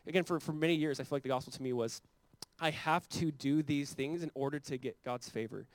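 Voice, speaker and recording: A man's voice: fairly high pitch, brisk. A man preaching a sermon as pastor, talking conversationally and building to fervent emphasis.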